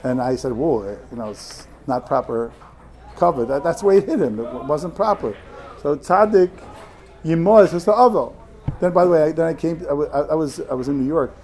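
A man giving a Torah lecture to students, talking in halting bursts with many restarts and Hebrew and Yiddish terms. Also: on the high side, animated, a little mellow. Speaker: yeshiva rebbe.

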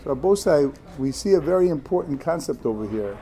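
A man teaches a Torah class in a somewhat high voice. He talks in halting bursts, often restarting a phrase and dropping in Hebrew and Yiddish terms. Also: expressive, dark tone. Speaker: yeshiva rebbe. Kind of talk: Torah lecture to students.

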